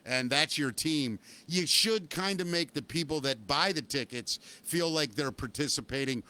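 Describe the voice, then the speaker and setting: A man's voice: a little high, normal speed, bright, forceful tone. A man hosting a casual live talk show, rambling and hedging with upbeat plugs for listeners. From Baltimore, Maryland. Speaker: podcast host.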